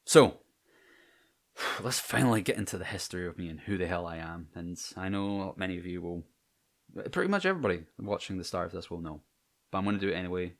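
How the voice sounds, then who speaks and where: A young Scottish man from near Edinburgh hosts his own vlog channel, talking to camera about personal matters. His deep voice is animated and brisk, yet he comes across hesitant and self-conscious, full of ums and restarts.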